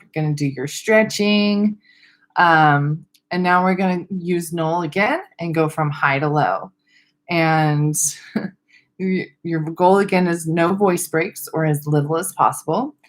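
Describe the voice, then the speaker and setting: Low-voiced young woman teaching voice exercises. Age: young adult. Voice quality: slight vocal fry at ends of sentences. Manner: friendly, loose, laughs at herself, demonstrates vocal exercises. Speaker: speech therapist. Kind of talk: casual online teaching webinar.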